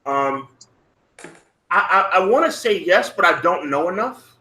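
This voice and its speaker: A man's voice: high-pitched, lively intonation, measured pace, bright, forceful tone. An easygoing man chatting casually as a podcast co-host. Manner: easygoing, laughs easily. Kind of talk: casual chat.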